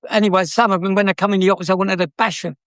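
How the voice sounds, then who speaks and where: A man's voice: sits high, steady tone, racing, fairly bright tone, dry recording, studio quality. An older man with a South London accent, a former car dealer telling stories in a chatty, cheeky way with frequent laughs. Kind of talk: anecdotal storytelling.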